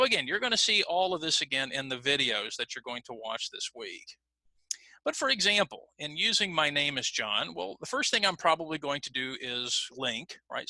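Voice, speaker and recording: A man's voice: medium pitch, sharp tone, no room sound. A man teaching an adult English pronunciation class, explaining patiently and modeling example phrases aloud. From United States. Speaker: ESL teacher. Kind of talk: online English pronunciation lesson.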